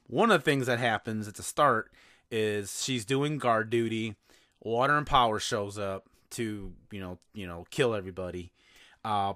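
A man's voice: fairly low pitch, fairly bright tone, dry recording, studio quality. A man hosting a podcast, chatting casually about a movie, rambling with lots of fillers and laughs. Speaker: podcast host. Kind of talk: casual movie-review chat.

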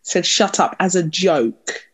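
Animated middle-aged woman chatting. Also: lowish voice, slow pace, slightly rough. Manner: animated, laughing, defensive. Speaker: podcast co-host and mother. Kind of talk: casual family chat.

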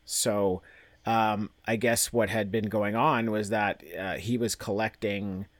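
A man's voice: fairly low pitch, level tone, slow pace, no echo. A man co-hosting a podcast, casually recapping a comic with lots of laughter and filler words. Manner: laughs often, rambling with fillers. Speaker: podcast co-host.

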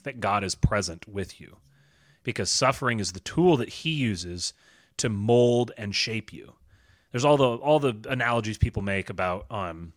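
A man, a podcast guest, telling a story in casual chat, earnest and halting with many restarts. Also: fairly low pitch, a bit bright, no echo, studio quality.

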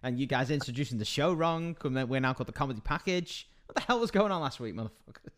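A man's voice: mid-range voice, lively intonation, quick pace. A male podcast host trading casual comedy banter. He teases his co-hosts with profane, mock-grumpy jabs in an ordinary mid-range voice.

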